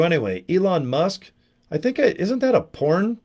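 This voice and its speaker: A man's voice: sits high, sing-song, brisk, a little mellow. Guy hyping his company, rambly and brash, cusses a lot, does little mocking voices. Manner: rambling, brash and profane, acts out quoted voices. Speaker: network marketing promoter. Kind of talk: casual motivational pitch.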